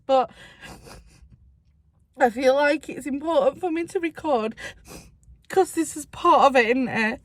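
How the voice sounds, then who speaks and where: A woman's voice: sits high, a little slow, long pauses, dry recording. A woman, crying and laughing while vlogging from a parked car. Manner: chatty, swears freely, tearful and laughing at once. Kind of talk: emotional personal vlog.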